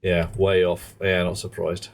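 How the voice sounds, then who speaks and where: A man's voice: low voice, monotone, measured pace, creaky. A man chatting casually on a live game stream, rambling and joking in muttered asides. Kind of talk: casual live-stream chat while gaming.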